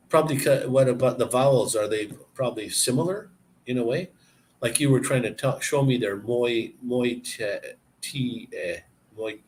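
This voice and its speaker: A man chatting casually and explaining words, halting and searching for words as he goes. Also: medium pitch, a little hiss or hum. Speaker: person explaining language to a visitor. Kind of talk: casual chat.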